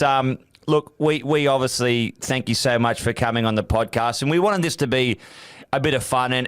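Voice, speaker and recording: A man's voice: medium pitch, smooth, dry recording, clean studio sound. An Australian man hosting a podcast, chatting in a friendly, enthusiastic way. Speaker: podcast host. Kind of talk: casual chat.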